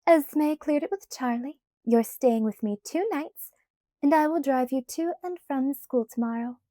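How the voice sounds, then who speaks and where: A woman puts on a bubbly teenage vampire girl who trills her words in a lilting sing-song, pitched well above a warm, mellow base. She sounds pushy and breezy at once, like a storybook character who always gets her way. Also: unhurried, no room sound. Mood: chirpy.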